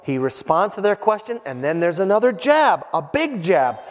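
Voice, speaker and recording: Animated preacher man, high lively voice. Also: moderate pace. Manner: animated, acts out the quoted voices. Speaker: pastor. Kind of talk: sermon. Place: church. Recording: hall reverb.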